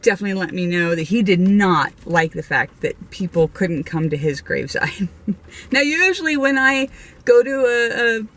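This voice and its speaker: A woman's voice: mid-range voice, lively intonation, moderate pace, fairly bright tone. A woman chats casually on camera, recounting ghost stories in a loose, rambling way. She often restarts her sentences and laughs between them. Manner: rambling, chatty, with frequent fillers, restarts and laughs. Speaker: vlogger and medium. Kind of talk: casual storytelling.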